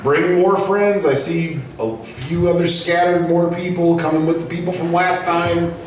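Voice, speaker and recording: A man working out stand-up material with a slightly high, profane, rambling delivery. He is heard from some distance in a very echoey room. It sounds like a small live venue. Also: fairly even intonation, a little slow, slight background noise. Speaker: open mic host and comedian. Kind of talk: stand-up comedy. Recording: very echoey room, mic from afar.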